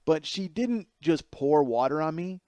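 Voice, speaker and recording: A man in his forties telling a comic story alone as a podcast host, animated and self-mocking, with plenty of swearing, going from loud outbursts to low mutters. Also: a little slow, clean tone, no room sound. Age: 40s. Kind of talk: solo comedic storytelling.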